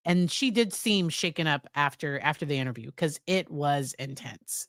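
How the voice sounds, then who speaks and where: American woman, low-pitched voice, smooth, dry close mic, casual review. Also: expressive, moderate pace, a bit bright, dry recording. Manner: chatty recap with fillers, acts out quotes. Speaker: psychologist reviewing a series.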